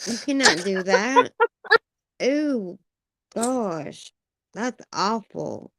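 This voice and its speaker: A woman's voice: medium pitch, animated, drawn-out words, fairly bright tone. A woman in casual chat, reacting often with exclamations of disgust.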